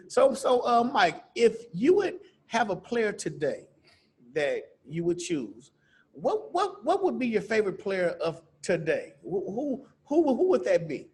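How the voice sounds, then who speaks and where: A man hosting a podcast interview, asking halting questions. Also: sits high, big pitch swings, a little mellow, husky. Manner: halting, repeats words while asking. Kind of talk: casual interview.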